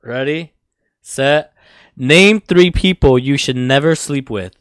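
A man's voice: medium pitch, takes it slowly, fairly bright tone, smooth, dry recording, clean studio sound. A man hosting a casual party game on a podcast, joking and laughing often between rounds.

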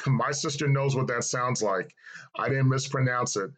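A man's voice: mid-range voice, steady tone, moderate pace, fairly bright tone, poor audio. A middle-aged man giving an earnest, reflective personal testimony and repeating phrases for emphasis. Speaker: speaker sharing his life story.

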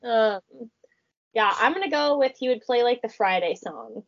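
A woman's voice: a little high, very animated, moderate pace, dull audio. A woman in her thirties co-hosting a podcast, chatting casually, rambling and laughing often. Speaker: podcast co-host. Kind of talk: casual chat.

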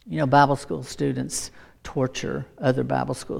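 A middle-aged woman giving a sermon as a personal story, animated and laughing often, acting out voices. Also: rumbling low, normal speed, gravelly, husky. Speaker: preacher.

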